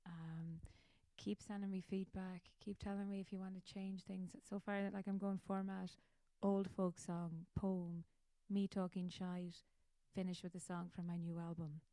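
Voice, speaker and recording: A woman's voice: fairly low pitch, little pitch movement, unhurried, warm tone, no echo. An Irish woman, a musician hosting her own show, chatting casually in a rambling, self-mocking way. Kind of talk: casual chat.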